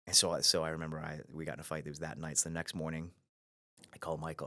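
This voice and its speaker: A man's voice: very deep voice, very fast. A man in his thirties from Ohio, the guest in a podcast interview, telling his career story with animation and frequent restarts. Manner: animated storyteller who acts out quoted voices, with frequent restarts. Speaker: guest, brokerage CEO.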